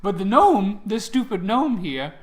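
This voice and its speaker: Brief: playful gnome god of humor, teasing and long-winded, done by a man in his own high, bouncy voice. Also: very animated, unhurried. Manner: chummy, rambling, teasing. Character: mischievous male gnome god of humor, jokey. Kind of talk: improvised tabletop game voice.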